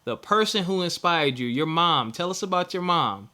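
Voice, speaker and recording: A male podcast host talks in a casual interview, encouraging and affirming his guest. His voice is bright and forceful. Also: fairly high pitch, animated, normal speed. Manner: encouraging, affirming, says "man" often.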